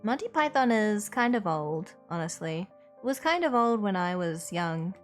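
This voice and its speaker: A woman streamer who chats casually, thinks aloud and muses in an unhurried way. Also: mid-range voice, soft background music. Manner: musing, relaxed and unhurried.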